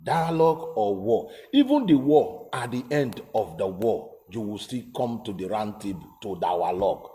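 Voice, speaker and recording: A man's voice: fairly low pitch, big pitch swings, moderate pace, hardly any pauses, dark tone. A man giving emphatic, casual political commentary, repeating himself and asking rhetorical questions.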